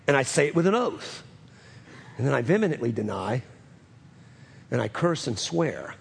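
A man's voice: mid-range voice, moderate pace, gravelly, pauses often, slightly rough. A man preaching a sermon as pastor, acting out the lines of scripture with animation. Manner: animated, acts out scripture dialogue. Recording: long reverb of a hall.

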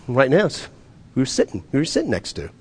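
A male pastor preaching a sermon in a conversational way, repeating phrases and dropping to a quiet voice for emphasis. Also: medium pitch, wildly swooping pitch, fast talker, breathy edge, in a large hall.

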